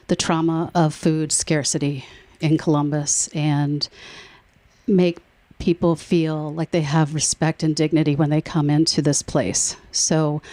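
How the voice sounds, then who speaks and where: Low-voiced woman giving an emotional speech. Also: dry recording. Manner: emotional, warm storytelling with laughs. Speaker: nonprofit board treasurer. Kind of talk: speech at a public event.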